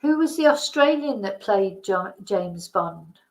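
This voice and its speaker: A woman's voice: mid-range voice, expressive, measured pace, rough recording. A woman hosting a casual live-stream quiz, chatting, laughing and thinking aloud as she reads the questions. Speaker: host.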